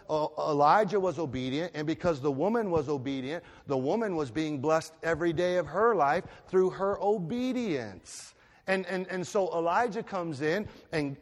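Male pastor, high voice, passionate sermon, swelling emphatic repetition, long hall reverb. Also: expressive, normal speed. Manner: impassioned preaching that swells to loud emphatic repetition.

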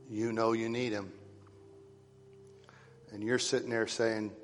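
A man preaching a sermon to his congregation, swinging from loud rising calls to hushed, whispered lines. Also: on the low side, little pitch movement, slow, faint music behind. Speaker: pastor. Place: church sanctuary. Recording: long reverb of a church hall.

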